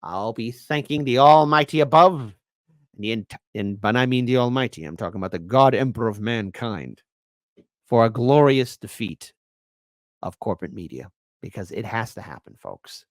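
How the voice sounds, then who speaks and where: A man hosting a political commentary show, sarcastic and taunting, his volume swinging from loud to quiet. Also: medium pitch, animated, normal speed, dry recording.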